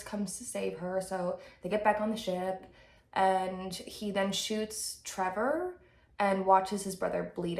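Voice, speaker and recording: A woman recapping a novel in a casual, sarcastic, irreverent way as a book reviewer. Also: mid-range voice. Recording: echoey room.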